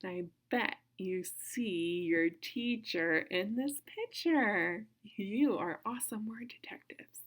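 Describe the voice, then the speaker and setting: A woman teaching a kindergarten phonics lesson, sounding out words slowly in an encouraging sing-song way. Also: medium pitch. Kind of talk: phonics lesson for young children.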